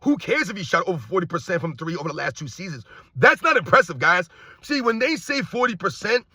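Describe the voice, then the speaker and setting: A middle-aged man ranting loudly and combatively as a sports commentary YouTuber, projecting his voice. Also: sits high, fairly quick, husky, no room sound, clean studio sound. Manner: loud, projecting, animated, combative. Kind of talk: loud opinionated rant.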